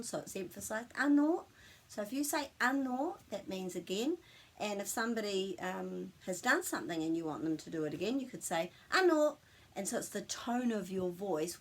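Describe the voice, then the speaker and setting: Friendly New woman teaching phrases. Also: mid-range voice. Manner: friendly, demonstrating phrases with exaggerated tone. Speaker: language teacher. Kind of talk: casual spoken lesson.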